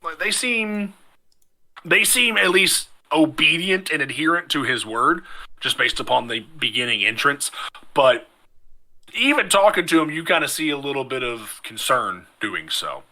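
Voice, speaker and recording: A man narrating as game master of a tabletop game, relaxed and thinking aloud with many fillers. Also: fairly high pitch, a little slow.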